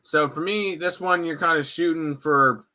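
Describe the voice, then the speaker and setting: A man giving betting takes in casual chat with quick, upbeat interjections. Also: on the high side, pushed and bright. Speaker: sports handicapper.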